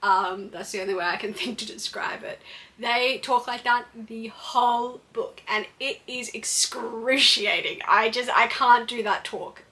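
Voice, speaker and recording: Bright-voiced woman reviewing books casually. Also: a little high, fairly even intonation, a little slow. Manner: blunt, chatty, with frequent fillers and self-corrections. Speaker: book reviewer. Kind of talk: casual book review vlog.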